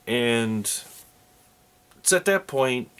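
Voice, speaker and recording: A man's voice: medium pitch, animated, drawn-out words, fairly bright tone, smooth. A man narrating a solo tabletop role-playing game, speaking hesitantly with many ums and uhs.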